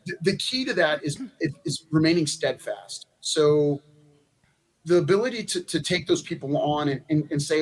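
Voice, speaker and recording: A man's voice: on the high side, lively intonation, moderate pace. A man, a former candidate for Congress, talking in a rambling, folksy way with many restarts on a convention panel. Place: convention meeting room.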